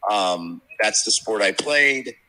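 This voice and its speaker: A man's voice: fairly low pitch, lively intonation, slow, pushed and bright, poor audio. A man in his fifties, a sports handicapper, telling brash, profane, rambling stories in casual podcast chat. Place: media row at a sports event.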